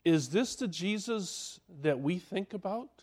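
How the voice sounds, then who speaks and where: A high-voiced man preaching a sermon at an unhurried pace. He is dramatic, swinging from loud, emphatic lines down to near-hushed ones. He keeps asking the listeners questions. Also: lively intonation.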